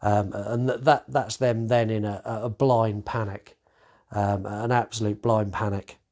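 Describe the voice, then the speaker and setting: A man's voice: lowish voice, fairly even intonation, unhurried, darkish tone. Man, podcast host, casual movie recap, swears a lot, lots of fillers and restarts. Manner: swears freely, acts out characters' lines.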